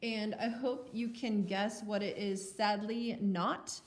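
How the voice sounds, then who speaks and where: A woman's voice: mid-range voice, fairly even intonation, slow pace. Playful woman math teacher, echoey room. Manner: chatty, playful, self-mocking. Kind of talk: recorded lecture. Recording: roomy echo.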